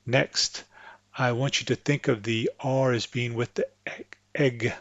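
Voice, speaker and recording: A patient man teaches English speakers French pronunciation, saying words slowly and repeatedly to show each sound. His middle-pitched voice is steady and fairly bright yet slightly dull and lo-fi, recorded close and dry with no echo. It's an instructional explanation with spoken examples.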